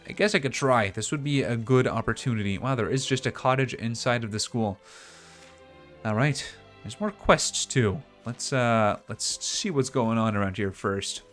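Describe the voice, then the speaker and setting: A man's voice: mid-range voice, moderate pace, fairly bright tone. A man streaming a video game, talking casually and chatting as he plays. He pokes fun at himself along the way. Faint game music runs underneath. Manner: chatty, self-mocking. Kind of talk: casual gameplay commentary.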